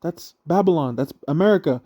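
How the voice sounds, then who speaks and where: A man's voice: fairly high pitch, lively intonation, a little fast, dark tone. Rambling, profane young man ranting. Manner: rambling and profane, keeps asking "right?", laughs often. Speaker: online religious commentator. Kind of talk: casual rant monologue.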